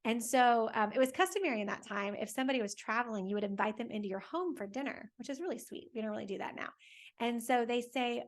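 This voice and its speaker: Gravelly-voiced woman telling a Bible story. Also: a little high, fast. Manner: animated, conversational, asks the listener questions. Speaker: catechist host for families.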